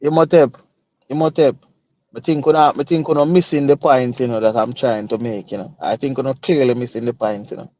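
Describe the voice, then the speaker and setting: A man's voice: mid-range voice, fairly even intonation, brisk, darkish tone, dry recording, lo-fi sound. A man with a Jamaican accent arguing his point as a panelist, pushing back again and again. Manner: argumentative, pushes back repeatedly. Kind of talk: heated panel debate.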